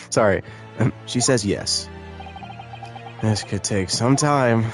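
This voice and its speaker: A man's voice: medium pitch, takes it slowly, pauses often, faint music behind. A man streaming a video game, reading its dialogue aloud and joking with his chat in casual commentary. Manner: joking, laughs often, mixes read lines with chat banter. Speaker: let's-play streamer.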